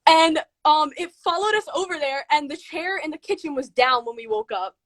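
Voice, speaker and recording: A young woman, a guest on a livestream, tells a ghost story in a rushed, excited way, full of "like". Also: high-pitched, dry recording. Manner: excited, rushed telling with many "like"s.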